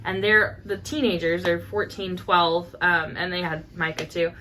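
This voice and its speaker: A woman in her thirties co-hosting a podcast, telling a story in a lively chat and acting out the voices of the people in it. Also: on the low side, unhurried, slight background noise. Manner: animated storyteller, acts out quotes with laughs. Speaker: podcast co-host. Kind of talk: casual chat.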